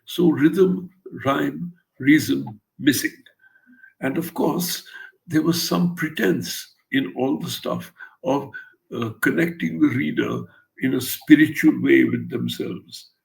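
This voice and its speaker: A man's voice: fairly high pitch, takes it slowly, creaky, rough recording. An older man from India, an author telling a blunt, wry story in an interview and acting out the quotes. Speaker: author interviewed about his translations.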